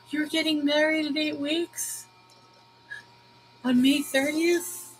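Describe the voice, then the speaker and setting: A middle-aged woman hosting a casual livestream, chatting with viewers, laughing often, and slowing down to give earnest spiritual advice. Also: high-pitched, a bit bright, a little hiss or hum, poor audio. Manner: earnest and slow when giving spiritual advice. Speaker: host of a Bible livestream.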